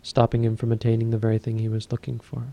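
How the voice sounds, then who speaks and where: A man who teaches Buddhism, giving a dharma talk and telling a story in a calm, measured way. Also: medium pitch, creaky, dull audio.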